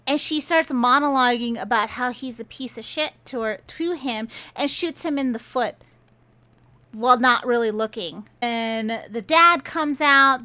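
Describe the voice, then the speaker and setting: A woman's voice: fairly high pitch, bright, forceful tone. A woman giving a casual, sarcastic rant of a book review, exasperated and incredulous.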